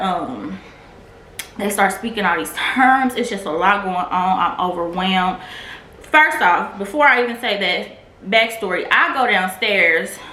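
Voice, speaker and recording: A woman's voice: medium pitch, pushed and bright. A woman vlogger candidly telling a personal testimony in a casual, filler-heavy way. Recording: echoey room with faint noise.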